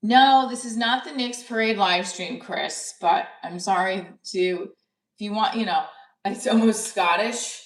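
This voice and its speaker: A woman's voice: medium pitch, measured pace, far from the mic. Chatty woman comedian, echoey and off-mic. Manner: chatty, rambling, self-interrupting. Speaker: stand-up comedian. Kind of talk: casual live-stream chat.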